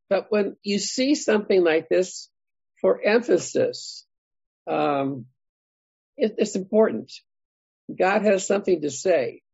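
Bible study leader for a group teaching, gravelly and a bit raspy, muffled lo-fi sound. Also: medium pitch, darkish tone, dry recording. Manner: thinking aloud, asks the group questions.

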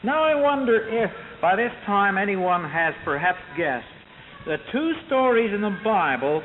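A man telling a children's sermon in an animated, emphatic way, repeating words for stress. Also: high voice, measured pace. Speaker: Sunday school preacher. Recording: tinny, hissy recording with long reverb.

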